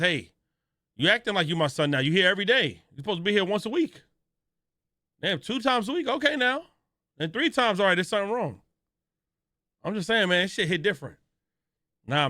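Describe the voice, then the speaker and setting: A man streaming live, reacting to a video in a loud, joking way with a lot of slang and talking straight to his chat. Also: fairly high pitch, no echo, studio quality.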